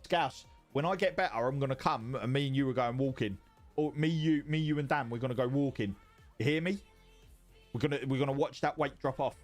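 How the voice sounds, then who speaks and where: Faint music plays behind a man with a medium-pitched voice who talks a little fast. He's livestreaming from home, reading chat messages and rambling on with plenty of cursing and repetition.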